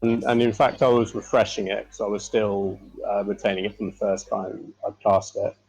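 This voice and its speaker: A man's voice: lowish voice, flat delivery, moderate pace, vocal fry, darkish tone, husky, low-quality recording. A man playing a tabletop game, hesitantly checking rules with many uh's and um's. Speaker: player. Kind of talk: casual tabletop game chat.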